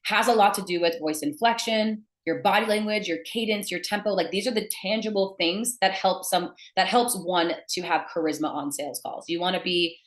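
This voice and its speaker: A woman's voice: fairly low pitch, fairly quick, hardly any pauses. Blunt woman sales coach, echoey room. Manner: emphatic, blunt. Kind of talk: teaching to camera.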